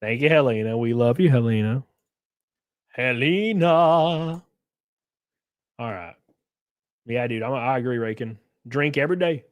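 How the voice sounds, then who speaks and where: A man's voice: mid-range voice, lively intonation, normal speed, pauses often, dry recording, studio quality. A man hosting a casual live stream, rambling through effusive thanks to viewers and reading a story aloud.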